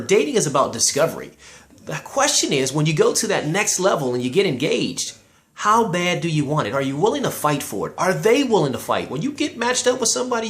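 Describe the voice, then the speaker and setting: Animated preaching man. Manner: preacherly, emphatic, rises in pitch for emphasis, quotes scripture; addresses listeners directly. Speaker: motivational speaker. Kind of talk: inspirational sermon-style talk.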